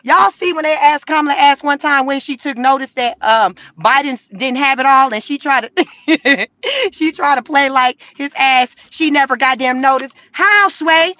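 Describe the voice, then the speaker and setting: A high-voiced woman delivers a blunt, mocking rant full of profanity. Her tone is bright and cutting, recorded close and dry inside her car. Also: moderate pace, no echo, muffled recording. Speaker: vlogger. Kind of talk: casual commentary rant.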